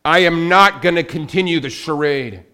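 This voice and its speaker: A man voicing Jesus as a fiery, defiant male figure who proclaims loudly and forcefully. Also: a little high, moderate pace, clean tone, voice pushed up.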